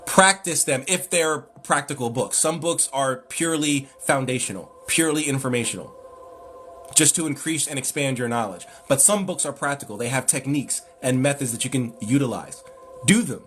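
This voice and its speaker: A man's voice: mid-range voice, normal speed, a bit bright, slight background noise. A man hosting a live stream, lecturing emphatically and with exasperation as he answers chat.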